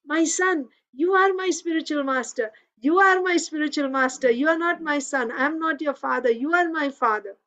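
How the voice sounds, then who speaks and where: A woman's voice: high-pitched, normal speed, pushed and bright, voice pushed up. An overjoyed older sage speaks tenderly through tears, repeating the same words, as a woman telling the story puts him on. The voice is lifted a little above her own. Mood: tearful joy.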